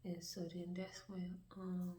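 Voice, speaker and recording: A woman's voice: lowish voice, monotone, measured pace, warm tone. A young woman telling a storytime in a laid-back, rambling way, swearing freely and acting out dialogue. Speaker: vlogger. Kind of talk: casual storytime.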